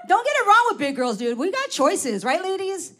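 A woman's voice: very high voice, big pitch swings, moderate pace, a bit bright. A woman in her forties doing a brash, profane stand-up comedy set, teasing the crowd from a club stage. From United States.

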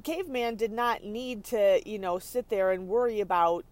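A woman podcast host giving an energetic, chatty motivational teaching talk from her parked car. She laughs often and keeps checking in with her listeners. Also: medium pitch, normal speed, few pauses. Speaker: podcast host and leadership coach. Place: parked car on a rainy day.

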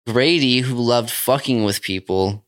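A man with a bright, forward voice tells a wild story in loose, profane podcast chat. His talk is animated, full of swearing and acted-out quotes. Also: medium pitch, unhurried.

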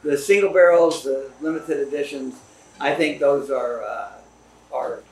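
A laid-back man chats about whiskey at a distillery, agreeable and a little halting. His mid-range voice carries a roomy echo and sits slightly away from the mic. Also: mid-range voice, darkish tone. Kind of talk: casual tasting chat. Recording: roomy, from a distance.

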